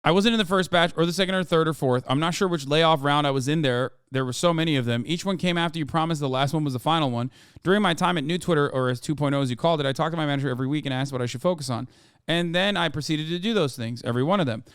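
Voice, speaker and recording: Man putting on a smooth Icelandic accent, reading a letter, brief. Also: a little high, rapid-fire, a bit bright, no echo, studio quality, lightly acted. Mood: matter-of-fact. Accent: put-on Icelandic.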